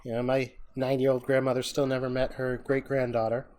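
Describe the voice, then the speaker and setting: Man, podcast co-host, casual and reflective, mid pitch. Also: little pitch movement, brisk, a little mellow, a little hiss or hum. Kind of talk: casual chat.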